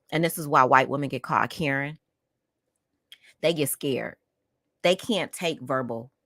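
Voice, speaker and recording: On her podcast, a woman shares a personal story and talks right at her listeners, emphatic and heated in her outspokenness. Her voice is low, bright and forceful, recorded in studio quality with no echo.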